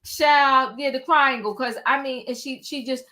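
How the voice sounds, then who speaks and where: A woman co-hosting a casual recap podcast, gossipy and animated, acting out what others said. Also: high voice, moderate pace. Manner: animated, gossipy, acts out quotes. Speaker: podcast co-host recapping a reality show. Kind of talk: casual chat.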